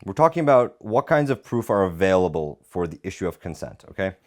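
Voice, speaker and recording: A man's voice: low voice, a little fast. A man co-hosting a podcast, arguing heatedly about a court ruling and reading it aloud, swearing often. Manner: animated, swears a lot, insistent. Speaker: podcast co-host, lawyer.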